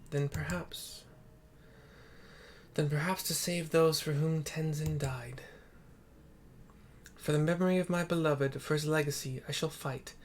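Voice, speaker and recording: A man's voice: on the high side, slight background noise, close to an everyday voice. A man voicing an ancient female phoenix spirit, speaking solemnly about a lost love. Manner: solemn, measured storytelling.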